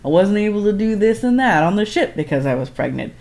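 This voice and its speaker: A woman's voice: mid-range voice, very animated, quick pace, gravelly, a little mellow. A woman co-hosting a podcast, telling a story in casual chat, laughing often and filling her talk with "like". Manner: chatty, laughing, lots of "like". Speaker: podcast co-host.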